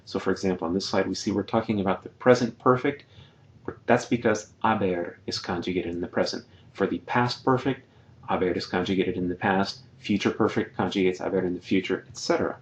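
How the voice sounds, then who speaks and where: Lower-voiced man teaching grammar slides. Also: fairly quick, slight background noise. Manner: patient, explains step by step, repeats example sentences. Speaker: Spanish teacher. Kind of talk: slide-based grammar lecture.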